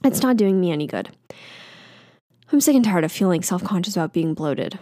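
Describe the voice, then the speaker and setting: A woman's voice: fairly low pitch, expressive, fairly quick, mellow, no room sound, clean studio sound. A woman in her twenties hosting a casual solo podcast, talking candidly and self-deprecatingly with lots of fillers. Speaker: podcast host. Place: home. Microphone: podcast microphone.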